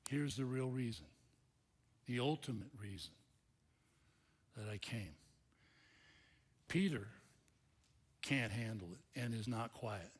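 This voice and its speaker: A male pastor preaching a sermon in an animated, conversational storytelling manner. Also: medium pitch, slow pace, long pauses.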